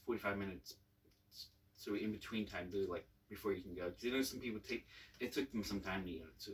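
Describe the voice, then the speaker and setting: A man's voice: on the low side, fairly bright tone, distant mic, low-quality recording. A man hosting his channel, telling a casual story about his service with many fillers and restarts. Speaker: channel host, Navy veteran.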